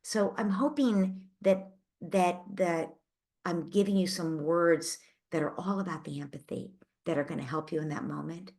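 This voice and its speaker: Her voice is lowish and a little mellow, delivered at a normal speed, as she hosts a parenting Q&A. She takes a parent's question with empathetic, reassuring coaching, working through her thoughts aloud with small restarts.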